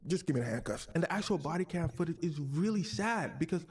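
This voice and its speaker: A man's voice: on the high side, animated, quick pace, few pauses, slightly rough. A young man, a streamer host, casually retelling a true story with slangy, jokey commentary.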